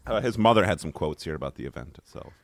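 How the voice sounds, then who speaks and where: A man's voice: low voice, expressive, fast talker, vocal fry, no echo. A man co-hosting a comedy podcast, reading a news story aloud with wry, mock-serious asides. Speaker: podcast co-host.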